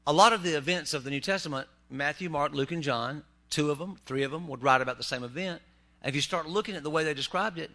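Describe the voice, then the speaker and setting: A man's voice: on the high side, sharp tone. A man preaching a humorous sermon in a church, with joking asides to the congregation. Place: church sanctuary.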